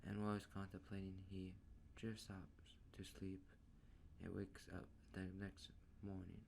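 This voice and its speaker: A man casually narrating a fan story in a rambling, drawn-out way. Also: sits low, level tone, vocal fry, a little mellow, a little hiss or hum.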